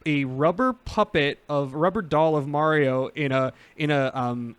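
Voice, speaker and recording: A man's voice: fairly high pitch, a little slow, clear, resonant tone, dry recording. Chatty man in his thirties, dry sound. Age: 30s. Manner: rambling, filler-heavy, laughs often. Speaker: podcast host. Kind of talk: casual chat.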